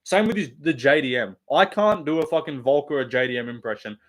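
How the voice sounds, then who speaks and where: A man's voice: medium pitch, brisk, fairly bright tone. A man with an Australian accent hosting a casual live stream, rambling and swearing through blunt opinions.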